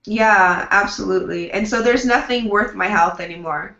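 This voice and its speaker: Bright-voiced chatty woman publicist. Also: mid-range voice, moderate pace. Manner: upbeat, chatty, acts out quoted dialogue. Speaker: publicist, guest. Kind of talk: casual interview answers. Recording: roomy, dull lo-fi sound.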